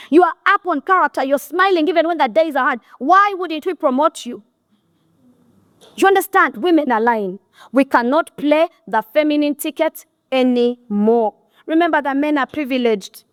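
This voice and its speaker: A middle-aged woman with a Ugandan accent delivers a blunt, scolding motivational talk to an audience. Her voice is high-pitched and a bit bright, captured as clean studio sound with no room noise.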